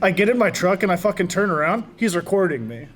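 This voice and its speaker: A man co-hosting a podcast, telling a profane story in animated, casual banter. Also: high-pitched, fast talker, over a noisy crowd. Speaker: podcast co-host.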